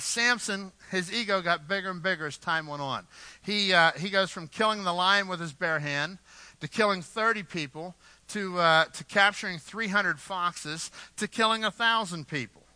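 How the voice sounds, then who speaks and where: A man's voice: on the high side, pushed and bright, dry recording, rough recording. A man preaching a sermon, emphatic, with frequent fillers and restarts. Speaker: pastor.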